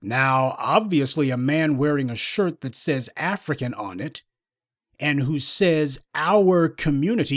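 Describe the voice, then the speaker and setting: A man delivers a solo commentary monologue in a fairly high voice, scornful and lecturing throughout. The sound is close and dry, with no room around him. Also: dry recording. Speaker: political commentator.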